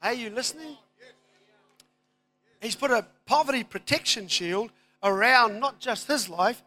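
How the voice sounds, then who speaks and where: A man preaching a sermon, moving from quiet asides to loud, emphatic declarations. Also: very high voice, a little slow, long pauses. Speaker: pastor.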